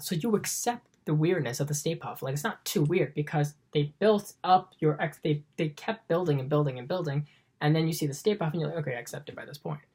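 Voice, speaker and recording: A woman's voice: deep voice, darkish tone. A woman giving a rambling, enthusiastic scene-by-scene movie recap, chaining events together with "and then.". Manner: enthusiastic, often says she loves it. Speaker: film reviewer.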